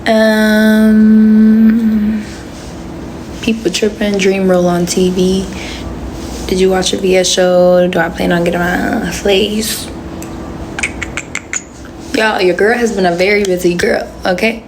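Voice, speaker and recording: A young woman in her twenties hosts a casual livestream, chatting into a phone and answering comments with slangy asides. Her mid-range voice has little pitch movement, she takes it slowly with long pauses, and there's background noise.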